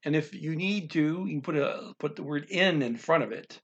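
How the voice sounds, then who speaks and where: A man teaching a language lesson, going through a text word by word in a halting, explanatory way with many pauses and restarts. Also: on the high side, breathy edge, highs cut off. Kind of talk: casual language lesson walkthrough.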